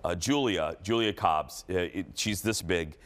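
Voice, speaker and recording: A middle-aged man hosting a TV talk show, telling loud, animated stories and laughing at his own jokes. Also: low-pitched, a little slow. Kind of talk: casual chat, storytelling.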